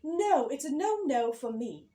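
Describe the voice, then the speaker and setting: A woman's voice: high-pitched, sing-song, a little slow, dark tone, reverberant. A woman giving a speech coaching lesson to camera, emphatic, repeating key words and asking rhetorical questions.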